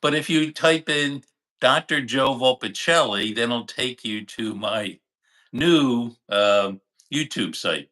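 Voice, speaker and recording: A man's voice: medium pitch, slow pace, sharp tone. An older man chatting as a regular guest, reminiscing in a chatty, laughing way. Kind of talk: casual chat.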